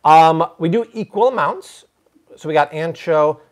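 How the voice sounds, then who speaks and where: On the high side and at a measured pace, this man hosts a live cooking stream from his kitchen. He's animated and chatty, cracking jokes throughout.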